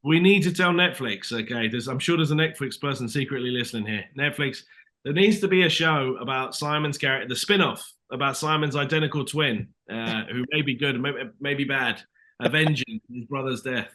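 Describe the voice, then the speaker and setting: A man with a British accent and a bright, forceful voice, talking in a casual interview. He spins his stories with energy, acting out what others said and scattering fillers throughout. His pitch sits in a middle range. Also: a little fast. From Britain. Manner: animated storyteller, acts out dialogue, many fillers. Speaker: actor, interview guest.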